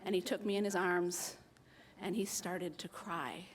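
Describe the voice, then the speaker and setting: Animated American woman telling a story. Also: on the low side, unhurried, a little hiss or hum. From United States. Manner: animated, self-mocking, acts out voices. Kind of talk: live personal storytelling.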